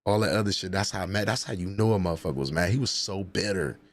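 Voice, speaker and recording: Dude on a livestream roasting chat, low voice, aave, profane and laughing. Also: male voice, quick pace, a little hiss or hum. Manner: trash-talking, laughing, profane banter. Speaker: livestream host.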